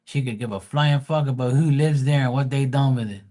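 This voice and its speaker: A man's voice: medium pitch, fairly quick, dark tone. A man, giving blunt, profane advice on a casual livestream. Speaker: live tarot reader.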